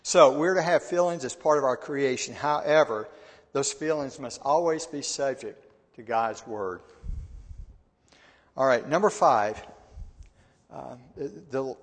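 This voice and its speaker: A man giving a conversational Bible teaching. He often repeats words and asks his listeners questions. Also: medium pitch. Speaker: church teacher. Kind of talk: sermon-style Bible teaching. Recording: long hall reverb.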